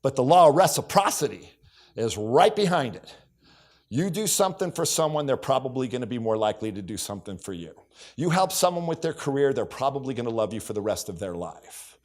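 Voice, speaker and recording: A middle-aged man speaking at a business summit, mid-range in pitch. He tells personal anecdotes in a storyteller's way, slipping into quick impressions of coworkers and his wife, and keeps returning to a catchphrase. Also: big pitch swings, a little mellow. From United States. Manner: storytelling, acts out dialogue, repeats catchphrases. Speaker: keynote speaker. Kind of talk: motivational keynote speech. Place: conference hall stage.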